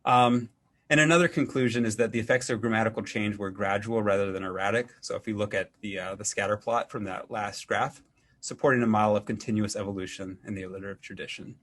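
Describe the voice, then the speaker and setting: A man, an English professor, giving an academic lecture in a measured way, with frequent ums and restarts. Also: lowish voice, fairly even intonation, fairly bright tone.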